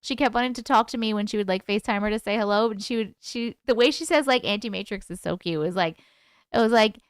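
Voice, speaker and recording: A woman's voice: medium pitch, fast talker, clean tone, no room sound, clean studio sound. A woman from the UK hosting a live stream at home, chatting casually and answering viewer comments as they come in. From United Kingdom.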